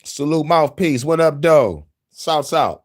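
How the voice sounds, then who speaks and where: A man's voice: a little high, animated, takes it slowly. A man hosting casual podcast talk, boastful and profane, breaking into laughter often. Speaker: host.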